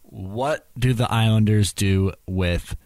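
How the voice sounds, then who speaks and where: A man with a fairly low voice gives blunt, opinionated hockey takes in a casual chat. The sound is dry and close to the mic. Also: slow, darkish tone, no room sound. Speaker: podcast co-host.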